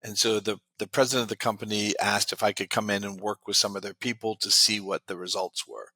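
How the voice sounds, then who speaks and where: Bright-voiced man telling client stories. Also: lowish voice, flat delivery, a little fast, breathy edge, no echo. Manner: retells client stories with many quoted lines. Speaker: guest expert. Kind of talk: interview storytelling.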